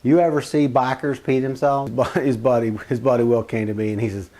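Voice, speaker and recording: A man with a middle-pitched voice spins a casual first-person yarn. He is animated, his pitch jumping up and his loudness rising and falling as he tells it. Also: a little fast. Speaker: storyteller.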